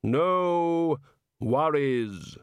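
A man voicing Death as a calm, courteous figure who speaks mildly and without hurry. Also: on the high side, clear, resonant tone, no echo, studio quality, pitched above the performer's own voice. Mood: mildly polite. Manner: mild, courteous, unhurried. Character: calm, polite male personification of Death. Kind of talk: audiobook character voice.

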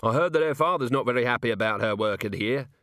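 A man doing a gruff, weary watch commander. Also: medium pitch, quick pace, fairly bright tone, dry recording, close to an everyday voice. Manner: gruff, dry.

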